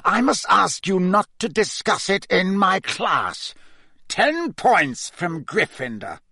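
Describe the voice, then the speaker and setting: A cold, sneering schoolmaster of a wizard school, voiced by a male narrator, speaks in icy, measured words. Each line cuts. The recording is close and dry. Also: high-pitched, sing-song, gravelly, bright, forceful tone, breathy edge, no room sound, pitched above the performer's own voice, full character voice. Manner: icy and cutting.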